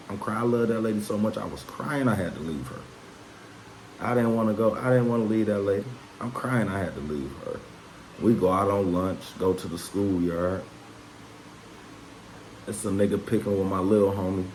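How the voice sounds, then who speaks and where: A man with a fairly low voice spins a loose personal story for his camera, swearing freely and tagging his sentences with filler phrases. He sounds relaxed and conversational, and he gets louder and more fired up as the story heats up. A faint hiss sits behind him. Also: moderate pace, low-quality recording. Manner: rambling and profane, with constant "man" and "you know what I'm saying"; gets louder and more worked up when telling of the fight. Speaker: vlogger.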